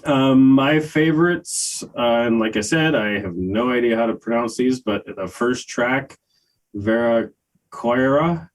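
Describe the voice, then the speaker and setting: An older man co-hosting a music review podcast, talking in a casual, hesitant way with many pauses and fillers. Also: medium pitch, low-quality recording. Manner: slow, hesitant, many ums and uhs. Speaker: podcast co-host reviewing albums. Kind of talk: casual chat.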